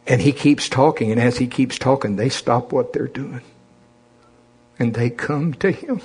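A man's voice: medium pitch, a little slow, darkish tone, slightly rough. A man preaching a sermon in a folksy, conversational way, calling on the congregation to repeat after him.

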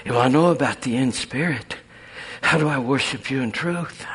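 A man's voice: mid-range voice, moderate pace, a bit bright, breathy edge, voice pushed up. A man preaching voices a young duck raised among chickens, earnest and a bit stammering. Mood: curious. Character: young duckling raised as a chicken, timid then overjoyed.

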